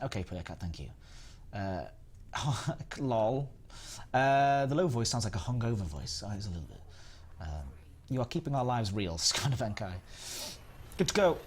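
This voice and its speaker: A man's voice: medium pitch, slight background noise. Chatty Northern English man streaming. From England. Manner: rambling, chatty, reads chat aloud. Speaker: live stream host. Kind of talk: casual gaming stream chat.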